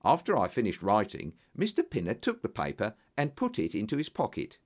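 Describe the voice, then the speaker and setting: A male audiobook narrator with a highly lively, wide-ranging pitch. He tells the story expressively, in a scripted reading. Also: a little fast.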